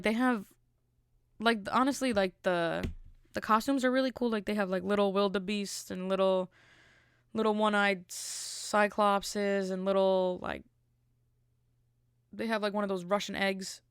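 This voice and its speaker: Woman podcast host, mid-pitched, casual comic ranting, exasperated and rambling, dry sound. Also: normal speed, clear, resonant tone, no echo. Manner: rambling, exasperated comic rant with many fillers. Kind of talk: casual comedic chat.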